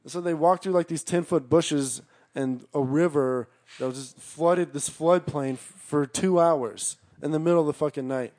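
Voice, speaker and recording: As a guest storyteller, this man rambles through a long tale in casual conversation, cursing nonstop and yelling out the words of whoever he's quoting. His voice is a little high, his pace moderate, and the recording has no room sound.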